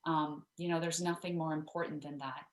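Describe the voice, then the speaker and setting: A chatty woman guest on an interview show, her voice sitting a little low for a woman. She talks freely with plenty of fillers and restarts. The sound comes through roomy and echoey. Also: fairly even intonation, brisk. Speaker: guest author. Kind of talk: interview storytelling.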